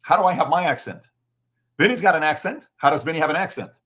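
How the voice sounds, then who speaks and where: A man's voice: a little high, animated, fast, a bit bright. A man from Iran with a Middle Eastern accent, talking as a podcast guest in an emphatic way that is full of rhetorical questions. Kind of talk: opinionated podcast talk.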